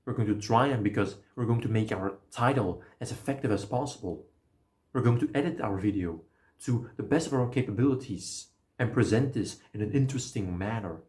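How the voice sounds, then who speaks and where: A man giving a casual, energetic motivational talk, explaining ideas and swearing now and then. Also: on the low side, a little fast. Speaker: self-help video creator.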